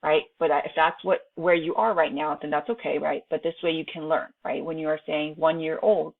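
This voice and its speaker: A woman's voice: low voice, steady tone, moderate pace, gravelly. A woman teacher whose first language is Chinese, reading a textbook lesson aloud and breaking off to chat to her students with frequent "right?" tags. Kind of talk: recorded online lesson. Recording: tinny phone-like home recording.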